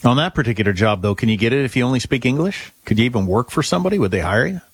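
A man's voice: mid-range voice, expressive, racing, breathy edge, no echo. A man co-hosting talk radio in casual chat, blunt and opinionated.

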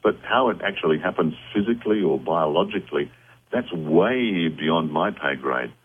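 A man's voice: low voice, lively intonation, normal speed, breathy edge. A man speaking as a psychic guest on a call-in radio show, earnest and reassuring as he explains. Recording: tinny phone line.

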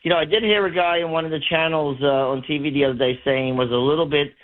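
A talkative caller from Brooklyn with a New York accent, telling long stories over a thin, tinny phone line. His voice sits a little high for a man. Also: steady tone, quick pace. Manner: chatty, rambling storyteller. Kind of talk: casual call-in chat.

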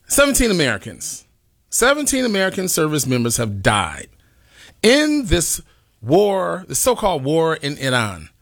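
A man's voice: fairly high pitch, fairly bright tone. A man hosting a talk radio show, speaking passionately and emphatically, with exclamations.

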